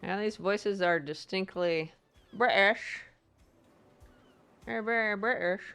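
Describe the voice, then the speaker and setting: Sarcastic woman streamer with a bright voice. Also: medium pitch, slow pace, clear, resonant tone, soft background music. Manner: sarcastic and playful, mocking the game. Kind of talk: casual gameplay commentary.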